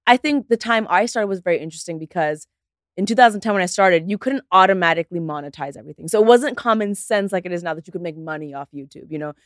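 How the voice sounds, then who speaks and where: A woman from Canada in her thirties, a podcast guest telling stories in casual chat, animated and mimicking other people. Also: fairly low pitch, quick pace, dry recording, clean studio sound.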